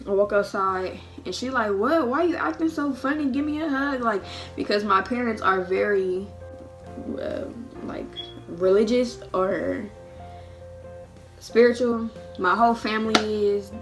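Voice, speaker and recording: A young woman in her twenties chats through a storytime vlog, lively and full of laughs as she acts out the voices of family and friends. Her voice sits at an ordinary middle pitch, and faint music plays underneath. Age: 20s. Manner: animated, acts out quotes with laughs. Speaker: vlogger. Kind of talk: casual storytime.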